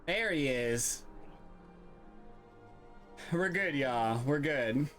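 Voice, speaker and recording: Fields: Sex: man. Role: gaming streamer. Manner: lively, expressive, cursing. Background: game music. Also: fairly high pitch, very slow. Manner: expressive, swears freely, talks to the game and viewers. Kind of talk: let's-play gaming commentary.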